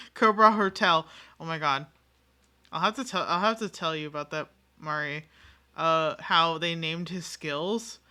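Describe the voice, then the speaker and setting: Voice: medium pitch, pushed and bright, clean tone. A game streamer in a casual live-stream chat with viewers, rambling and self-mocking, giggling often and swearing freely.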